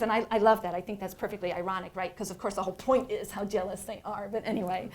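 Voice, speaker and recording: A middle-aged woman professor lecturing on religious texts, animated and playful, often asking "right?". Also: mid-range voice, quick pace, few pauses.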